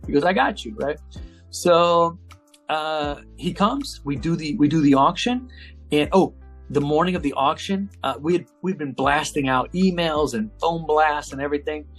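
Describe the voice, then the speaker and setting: A man's voice: fairly high pitch, soft background music. A man, an auctioneer and TV personality, telling a story in an interview and acting out the phone calls in quoted voices. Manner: acts out phone calls in quoted voices, lively and fast-paced.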